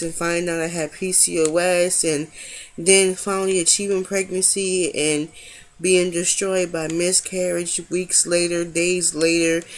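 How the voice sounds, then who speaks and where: A young woman talking casually to her camera, candid and rambling with frequent restarts. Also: lowish voice. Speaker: vlogger sharing pregnancy update.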